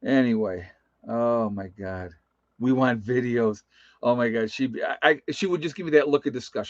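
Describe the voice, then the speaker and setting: A man's voice: mid-range voice, moderate pace, dry recording, muffled recording. A man hosting a casual livestream, reading out viewer comments and chuckling often. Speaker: livestream host.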